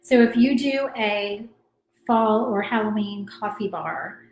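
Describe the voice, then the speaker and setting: A woman's voice: medium pitch, takes it slowly, darkish tone. A woman, chatting casually while she paints and reads viewer comments aloud on a craft livestream. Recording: roomy echo.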